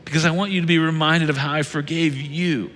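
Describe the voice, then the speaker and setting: A man preaching a sermon as lead pastor, earnest, swinging between loud urging and hushed tones. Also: fairly high pitch, steady tone, brisk. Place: church sanctuary. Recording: reverberant church hall with soft music.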